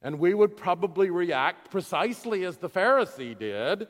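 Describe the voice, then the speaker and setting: A man's voice: sits high, animated, moderate pace, hardly any pauses. A male preacher retelling a scripture story dramatically, then reflecting on it in a sermon. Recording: long hall reverb.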